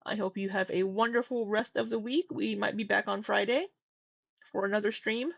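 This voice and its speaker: A woman's voice: mid-range voice, fairly even intonation, moderate pace, gravelly, dry recording, highs cut off. A woman hosting a casual livestream, talking candidly, swearing now and then and getting exasperated. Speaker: livestream commentary host.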